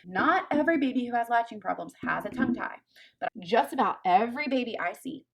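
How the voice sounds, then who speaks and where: A woman's voice: medium pitch, vocal fry. A woman lactation consultant, giving emphatic, fired-up commentary in a folksy way. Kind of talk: opinionated commentary to camera.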